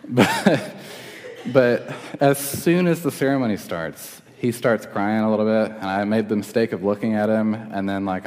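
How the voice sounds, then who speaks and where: A man's voice: lowish voice, darkish tone. A young man preaching a sermon as pastor, earnest and conversational, in a church hall. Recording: long reverb of a hall.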